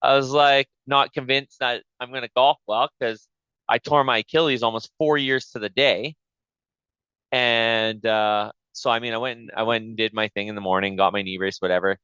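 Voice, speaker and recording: A man on a podcast spins a profane, animated story, playing out his own side of each exchange. His voice is bright and forceful, with a smooth, clean tone. The audio is dry but a little dull and lo-fi. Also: mid-range voice, normal speed, no echo. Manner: profane, animated retelling with quoted back-and-forth. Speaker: podcast host. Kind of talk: casual storytelling chat.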